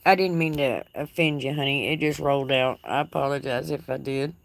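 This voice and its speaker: A woman with a Texas twang chats on a live stream from her front porch, her voice sitting low in its register. She talks in a folksy, teasing way and laughs easily, with crickets chirping faintly behind her. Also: fairly quick, creaky. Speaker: livestream host. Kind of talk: casual live chat reading comments. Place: outdoor porch.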